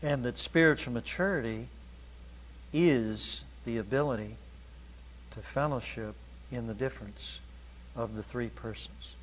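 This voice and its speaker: A man preaching a sermon in an emphatic, deliberate manner in a large church hall. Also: medium pitch, slight background noise. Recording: dull audio with long hall reverb.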